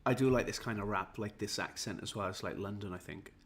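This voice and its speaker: A man's voice: lowish voice, fairly quick, slight background noise. A tired, jetlagged man from Wales, rambling and self-mocking as he chats with viewers on a livestream. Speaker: livestream host. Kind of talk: casual livestream chat.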